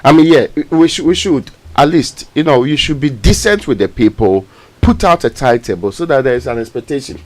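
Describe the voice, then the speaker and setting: A man with a Ghanaian accent co-hosting a morning radio show, voicing a forceful complaint. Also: medium pitch, lively intonation, a little fast.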